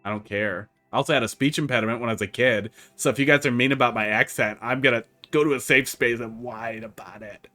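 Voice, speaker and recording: A man's voice: medium pitch, fairly even intonation, quick pace, few pauses, pushed and bright, faint music behind. A man with a Wisconsin accent, chatting casually as a streamer while he plays and answers chat. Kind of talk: casual live-stream commentary.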